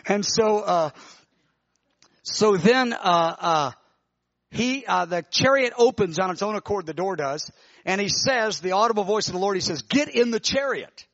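A man preaching, telling a vision in an animated, emotional way with many restarts. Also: high-pitched, normal speed, dry recording, lo-fi sound. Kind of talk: sermon testimony, telling a vision.

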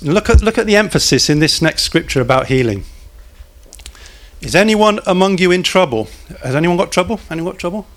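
A man's voice: high-pitched, lively intonation, brisk. A man preaching a sermon in a church, talking conversationally, putting questions to the congregation and cracking small jokes.

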